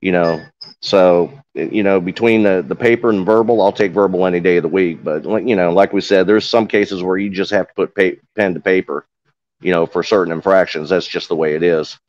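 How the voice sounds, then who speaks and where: A man's voice: sits low, fairly even intonation, a little fast, a little mellow, dry recording, dull audio. A man with an accent, a corrections veteran speaking plainly on a panel, with many "you know" fillers. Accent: noticeable regional accent. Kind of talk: casual panel talk.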